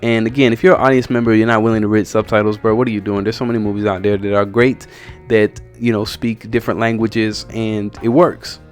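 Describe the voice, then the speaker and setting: A man's voice: fairly low pitch, little pitch movement, a little fast, soft background music. Blunt, sarcastic male film reviewer. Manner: blunt, sarcastic, exasperated critique. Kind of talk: casual opinionated commentary.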